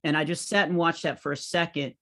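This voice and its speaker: Middle-aged male comedian, lively anecdotal delivery, slightly high-pitched voice. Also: a little fast. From United States. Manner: animated anecdotal storytelling. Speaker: comedian and author guest. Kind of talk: conversational interview.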